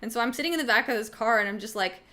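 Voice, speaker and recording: A woman's voice: on the high side, racing, bright, forceful tone. A young woman streaming, chatting casually with viewers in a rambling way, with lots of fillers and casual swearing. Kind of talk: casual livestream chat answering viewers.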